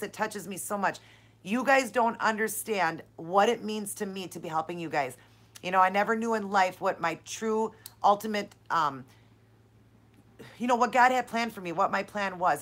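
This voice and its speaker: A woman answers her viewers live in an effusive, heartfelt way, cheering them on and calling them "you guys" and "honey." Her pitch sits mid-range for a woman, and her delivery is casual chat. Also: fairly bright tone. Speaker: channel host answering live viewer questions.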